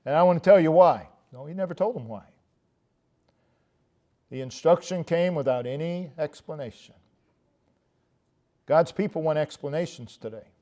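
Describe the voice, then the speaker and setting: A man preaching a sermon in a church, slow and deliberate, with emphatic rising outbursts. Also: on the high side, mellow. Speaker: pastor.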